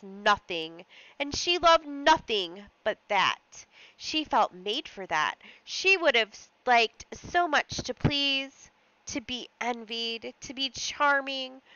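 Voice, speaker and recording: A woman reads a story aloud for a lesson, her voice bright and crisp. She brings expression to the reading and sometimes stops to explain a word. The recording is dry and a little dull. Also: a little high, slow, dry recording. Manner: expressive reading with short asides and small slips. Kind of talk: read-aloud lesson narration.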